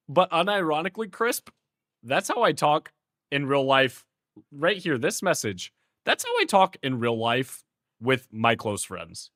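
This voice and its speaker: Goofy, slangy young man with a bright voice. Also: medium pitch, big pitch swings, normal speed. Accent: Houston. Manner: playful, goofy, slangy, laughs often. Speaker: streamer. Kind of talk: casual chat with stream viewers.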